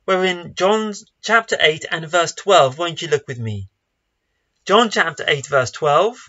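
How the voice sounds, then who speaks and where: A man's voice: a little high, lively intonation, measured pace, pushed and bright, highs cut off. A man, a pastor giving an online sermon in a conversational, lightly joking way. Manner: conversational, self-deprecating humor.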